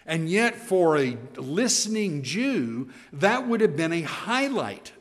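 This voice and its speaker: Man, Bible teacher, animated and emphatic, slightly high voice, long hall reverb. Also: takes it slowly, few pauses. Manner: animated, emphatic, with frequent restarts and fillers. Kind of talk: evening Bible class teaching.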